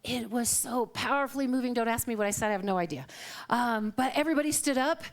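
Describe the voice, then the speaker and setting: Speaking at a quick pace with a fairly high pitch, a middle-aged woman minister gives a live sermon in a church sanctuary. Her delivery is chatty and story-driven, with acted-out quotes and plenty of laughter.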